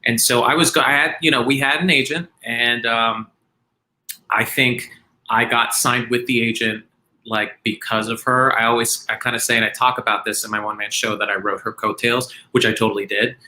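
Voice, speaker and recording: A man's voice: mid-range voice, steady tone, normal speed, sharp tone, poor audio. A man talking casually on a video call, rambling and self-deprecating with lots of fillers and restarts. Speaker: guest performer.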